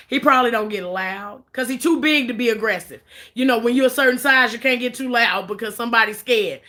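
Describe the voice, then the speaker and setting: A woman delivers blunt, profane commentary, pressing each point with emphasis. Her voice is bright and forceful, pitched a little high. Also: a little fast. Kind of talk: blunt opinion vlog.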